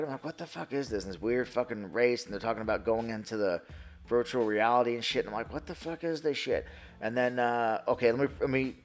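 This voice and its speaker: Answering viewers' chat on a casual live stream, a thirtysomething New Yorker talks with a mid-range voice. His manner is profane and excitable, and he tends to ramble.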